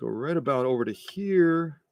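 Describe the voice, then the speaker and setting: A man's voice: mid-range voice, animated, measured pace, darkish tone, no echo. A man restoring sewing machines, talking casually through a stitching demo in his workshop, repeating phrases and breaking into playful mock rants.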